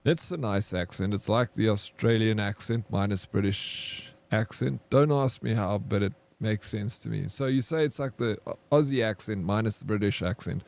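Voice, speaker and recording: A young South African man with a South African accent streams a game, chatting frankly with viewers and laughing easily. His voice sits in the mid range and is a little mellow.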